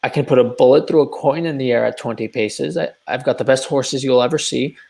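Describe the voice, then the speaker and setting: An actor reading a blustering lovesick landowner in a live video-call play reading, stammering through impassioned declarations. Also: male voice, medium pitch, a little fast, vocal fry, a little mellow, lightly acted. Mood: pleading.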